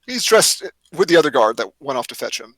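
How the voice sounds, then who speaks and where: Bright-voiced male game master. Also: mid-range voice, very animated, fairly quick, husky, no room sound, poor audio. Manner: hesitant, many fillers and restarts. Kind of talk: narrating a tabletop game.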